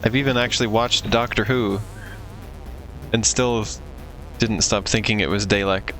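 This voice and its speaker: A man's voice: fairly low pitch, steady tone, moderate pace, a bit bright, faint music behind, rough recording. A man co-streaming a game, chatting casually in a mild, easygoing way. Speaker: co-streamer, player. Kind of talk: casual gameplay chat.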